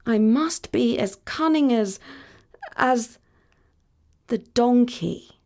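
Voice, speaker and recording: A man's voice: extremely high pitch, expressive, very slow, vocal fry, darkish tone, heavily acted. A woman reading the thoughts of a shrewd male merchant in a thoughtful, musing way. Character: shrewd merchant, ashamed and newly hopeful.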